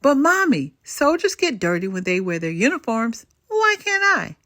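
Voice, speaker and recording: An older woman voicing an eager little girl in a storybook, in a high childlike voice. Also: very animated, normal speed, bright, forceful tone, dry recording, studio quality. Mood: insistent.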